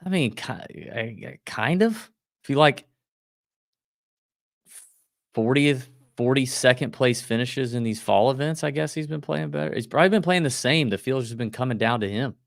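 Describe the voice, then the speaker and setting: Gravelly man on a golf podcast. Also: medium pitch, animated, no room sound, clean studio sound. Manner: quick, loose, joking delivery. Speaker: podcast co-host. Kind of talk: casual golf betting chat.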